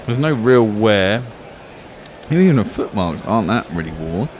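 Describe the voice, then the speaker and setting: A man giving live ball-by-ball radio cricket commentary, excitable, swearing and arguing with his co-commentator. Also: lowish voice, unhurried, a little hiss or hum. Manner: excitable, swears freely, argumentative banter.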